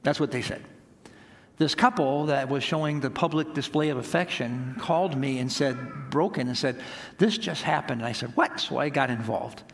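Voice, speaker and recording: A man's voice: mid-range voice, moderate pace, big-room sound, a little hiss or hum. A man preaching a sermon as pastor, telling stories in an earnest, emphatic way.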